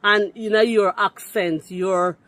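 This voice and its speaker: A Jamaican-accented woman caller, forcefully rebutting in a heated call-in, slipping into patois. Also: medium pitch, fairly even intonation, takes it slowly, dry recording. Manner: forceful, indignant, patois-laced.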